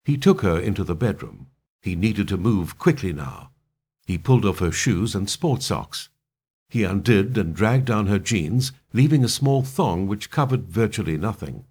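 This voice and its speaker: Guy reading a thriller audiobook, low husky voice, lots of rise and fall. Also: expressive, normal speed, a little mellow. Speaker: narrator.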